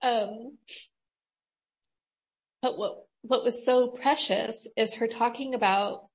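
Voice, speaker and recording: A woman leading a group, talking in a casual, halting way with many fillers. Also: a little high, fairly even intonation.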